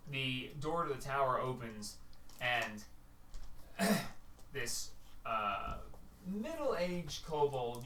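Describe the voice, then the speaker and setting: A game master narrating a tabletop game in a loose, animated way, full of fillers. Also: mid-range voice. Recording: roomy room, distant mic, faint hiss.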